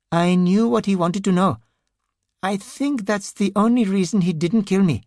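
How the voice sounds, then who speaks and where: A woman doing a high, whimpering frightened man. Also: a little mellow, no echo, clean studio sound, close to an everyday voice. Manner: whimpering, stammering. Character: frightened sobbing man in hiding.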